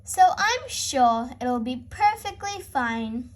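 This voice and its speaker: Woman doing a booming jolly old rabbit grandpa. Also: sing-song, slow, exaggerated voice. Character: cheerful boisterous old male rabbit. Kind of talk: storybook reading.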